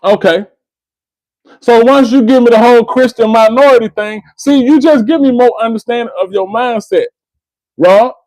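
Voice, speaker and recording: A man's voice: very high-pitched, normal speed, a little mellow, dry recording, poor audio. A man, hosting a call-in debate and lecturing the caller. He keeps repeating the caller's name and restarting his words. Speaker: host of a call-in debate stream. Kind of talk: argumentative call-in discussion.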